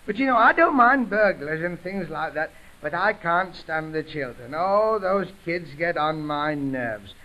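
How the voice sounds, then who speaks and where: Young yorkshire man, comic music hall patter, fairly high voice, dull old record sound. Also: expressive, a little slow, hardly any pauses. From England. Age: 20s. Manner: chatty, punchline-driven patter. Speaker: comedian. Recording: dull 1929 gramophone recording.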